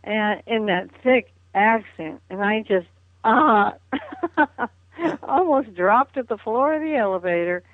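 A woman's voice: on the high side, animated, slow, no room sound. Older lady telling stories over the phone, laughs a lot, thin dry phone sound. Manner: chatty, reminiscing, laughs often. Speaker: interview guest. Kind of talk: phone interview. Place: at home on a phone call. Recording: tinny dry phone line.

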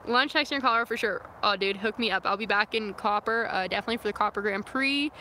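Out in the wilderness by her van, a young woman chats on a phone livestream, rambling through replies to viewer comments with plenty of "like" and "um". She speaks quickly in a medium-pitched, sharp voice, with a little hiss or hum on the phone camera audio.

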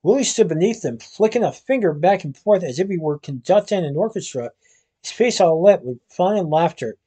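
High-voiced man reading a storybook aloud. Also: fairly quick, husky. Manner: steady reading with occasional stumbles. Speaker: reader.

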